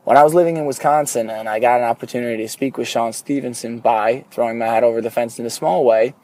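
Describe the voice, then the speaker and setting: A man's voice: mid-range voice, quick pace, warm tone. A young man hosting a podcast, talking earnestly and candidly while driving to work, with a curse now and then. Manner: earnest, candid, occasional swearing. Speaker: podcast host. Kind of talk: casual solo podcast monologue. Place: car on a morning commute.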